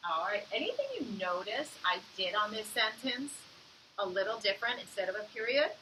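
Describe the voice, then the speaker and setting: An encouraging woman teacher leads young children through a phonics lesson and sounds out each word slowly. Her voice is bright and clear. She is a little away from the mic, with faint room noise behind her. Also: mid-range voice, distant mic, poor audio.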